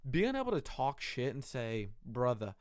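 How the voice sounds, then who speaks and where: A young man giving a casual, excited breakdown of a fight, rambling with lots of fillers and the odd curse word. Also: mid-range voice, moderate pace, dry recording, studio quality. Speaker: MMA reaction host.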